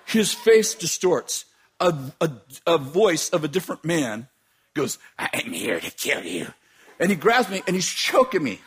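Man, high lively voice, dramatic storytelling, laughing, faint background noise. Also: measured pace. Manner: dramatic, laughing, shouting at climaxes. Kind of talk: animated personal story.

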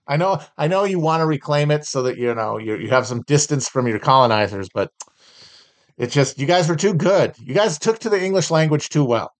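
A man's voice: fairly high pitch, animated, brisk. A man hosting a solo podcast, reading out trading cards and mocking them with sardonic, profane, rambling asides. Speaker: podcast host.

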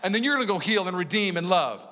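Casting: a preacher putting on a furious savior, high strained shouting, bright edge. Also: male voice, animated, fast talker. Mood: rallying. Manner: shouting, rebuking. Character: fiery scolding male preacher-savior, adult. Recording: long church hall reverb.

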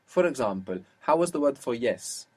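A man's voice: mid-range voice, very animated, moderate pace, darkish tone, husky. A man teaching a language lesson, patiently asking questions and explaining rules step by step.

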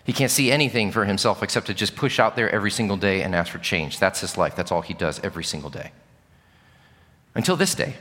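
Male preacher mid sermon, bright punchy voice, long hall reverb, goes from quiet to loud. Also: deep voice, lively intonation, fast. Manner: storytelling, swinging between hushed and shouting.

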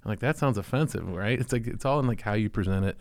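A man's voice: on the low side, no echo, clean studio sound. A man co-hosting a casual business chat, joking and acting out customer scenes as he gives advice. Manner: fast, joking, animated storyteller. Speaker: podcast co-host, lash business partner.

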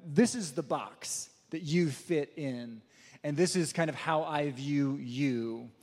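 Guy preaching, kinda high voice, tells stories on himself and laughs a lot, echoey big hall. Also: slow pace, a little mellow. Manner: chatty and self-deprecating, laughing often. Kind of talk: storytelling sermon. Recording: long reverb of a large hall.

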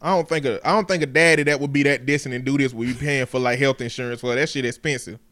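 A man's voice: medium pitch, steady tone, fast talker, fairly bright tone. A middle-aged man hosting a casual talk show, telling stories with profane, emphatic talk. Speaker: podcast host. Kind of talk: casual chat.

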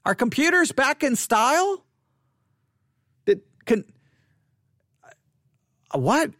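Animated podcaster with a lively voice. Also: high voice, extremely slow, no echo, studio quality. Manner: animated, incredulous asides, frequent restarts. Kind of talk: solo podcast commentary on listener statistics. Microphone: studio microphone up close.

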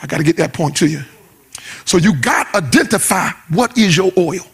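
A man preaching a sermon in a strikingly high, bright, husky voice. He moves between a quick spoken delivery and a chanted cadence that builds into shouts. His phrasing stays loose and vernacular throughout. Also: lively intonation. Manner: preaching in a rising sing-song cadence, shouting at peaks; uses casual vernacular speech. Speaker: pastor.

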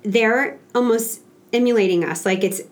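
A woman's voice: fairly high pitch, normal speed. Reflective rambling mom in her thirties. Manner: reflective, slightly rambling, with many restarts. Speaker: podcast co-host, mother of a kindergartner. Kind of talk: casual chat.

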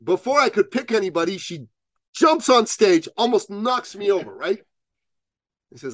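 A man's voice: sits high, moderate pace, no echo. A man telling a long story as a podcast guest, acting out the voices of the people in it. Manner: animated storyteller, acts out quoted voices. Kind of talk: storytelling in an interview.

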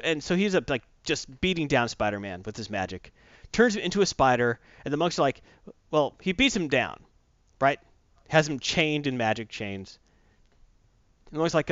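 A man in a casual chat, retelling a comic book story in animated fashion and acting out the characters' lines. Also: medium pitch, normal speed, long pauses, dry recording, highs cut off.

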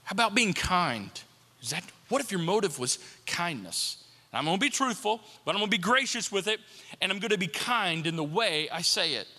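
Bright-voiced preacher man in a reverberant hall. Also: high-pitched, very animated, a little fast. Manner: conversational preaching, repeats rhetorical questions. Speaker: pastor. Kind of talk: sermon.

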